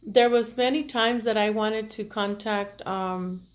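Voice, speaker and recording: A woman with children, speaking to her viewers in an emotional, halting personal monologue as a tarot reader, tearful at times. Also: medium pitch, steady tone. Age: adult with children. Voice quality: earnest, halting, with many restarts and fillers. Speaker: tarot reader and self-care vlogger.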